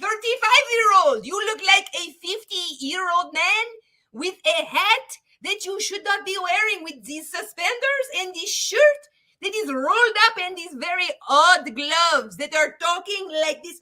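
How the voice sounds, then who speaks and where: A woman voicing a mock-accented male sales coach, loud and exaggerated. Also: very high voice, animated, measured pace, voice pushed up, heavily acted. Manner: loud, exaggerated, cracking with laughter.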